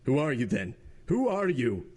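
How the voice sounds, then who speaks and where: A man's voice: mid-range voice, normal speed, a little mellow, natural voice. A man voicing a grief-stricken, frantic middle-aged magistrate in a storybook reading, with anguished, pleading outbursts. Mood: desperate.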